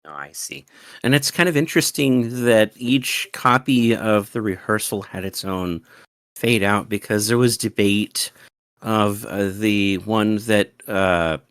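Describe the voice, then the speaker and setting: A man hosting a fan Q&A, reading questions aloud, eager and excitable, sometimes stumbling over words. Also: on the low side, measured pace, clean tone, dry recording, studio quality. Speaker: fan club host. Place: home studio.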